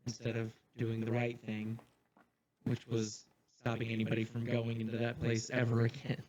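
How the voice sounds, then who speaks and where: A man running a tabletop game as game master, asking quick, probing questions. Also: mid-range voice, monotone, darkish tone, dull audio.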